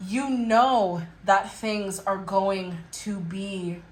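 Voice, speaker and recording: A woman's voice: mid-range voice, extremely slow, echoey room, low-quality recording. A young adult woman giving a casual tarot reading to her viewers, chatty and blunt, laughing and swearing as she acts out exasperated remarks. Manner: acts out exasperated quotes in a mocking voice. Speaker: tarot reader.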